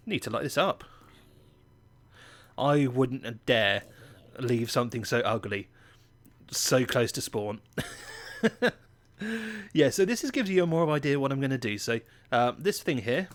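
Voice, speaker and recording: A man's voice: mid-range voice, lively intonation, slow pace, pauses often, dry recording. Playful English man narrating gameplay. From England. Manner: chatty, playful, self-mocking. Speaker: gaming channel host. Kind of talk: gameplay commentary.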